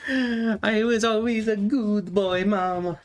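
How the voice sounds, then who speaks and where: Brief: high, slow-pleading whiny furry guy, put on by a man. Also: steady tone. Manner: slow, high, drawn-out whining. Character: whiny pleading young male furry convert.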